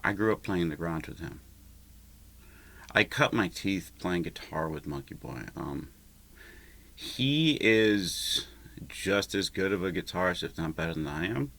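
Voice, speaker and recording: A man's voice: low voice, expressive, measured pace, fairly bright tone. A man rambling alone in a home vlog, swearing often and mocking himself as he talks to himself. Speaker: vlogger and musician. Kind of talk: rambling solo vlog talk. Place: at home, neighborhood lawnmowers outside.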